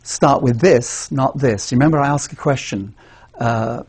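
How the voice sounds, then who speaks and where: This English man, an evangelism trainer, earnestly walks through a gospel presentation by raising rhetorical questions and answering each one. His voice is mid-range, a little mellow and husky, at a moderate pace, with no room sound.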